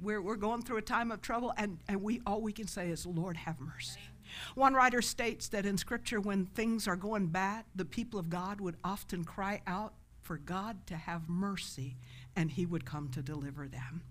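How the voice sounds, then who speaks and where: A woman pastor preaching a sermon, shifting from loud impassioned cries to soft, hushed words. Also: mid-range voice. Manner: quotes prayers in an impassioned pleading voice.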